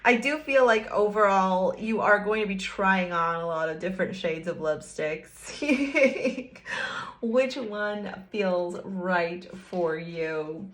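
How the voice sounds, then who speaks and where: A woman's voice: medium pitch, slow pace. A woman giving a casual tarot card reading, chatty and playful, talking straight to the viewer with frequent giggles. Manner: speaks directly to the viewer, teasing. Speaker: tarot reader.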